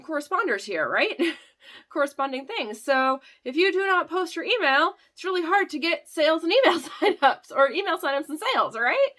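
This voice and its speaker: A woman's voice: on the high side, sharp tone. A woman in her thirties talking casually to her vlog audience, chatty and candid, laughing often and using many fillers. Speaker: small business owner vlogging a sales sprint.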